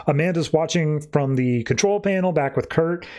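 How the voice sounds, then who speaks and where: A man hosting a podcast, giving a loose, slangy recap of a comic book issue with animated asides. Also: fairly high pitch, normal speed. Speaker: podcast host.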